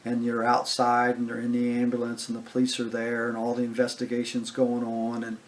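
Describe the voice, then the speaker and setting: A man's voice: medium pitch, monotone, brisk, slight background noise. A man casually telling a personal anecdote, talking it through with fillers, restarts and quoted back-and-forth dialogue. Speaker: guest speaker. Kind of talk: casual storytelling.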